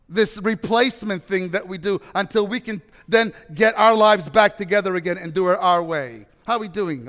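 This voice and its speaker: A man preaching a sermon, telling stories animatedly, with loud bursts of emphasis and quiet asides. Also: sits high. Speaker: pastor. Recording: long hall reverb.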